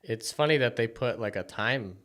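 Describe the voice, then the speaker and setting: Relaxed male podcast host. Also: mid-range voice, normal speed. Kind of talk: casual conversational interview.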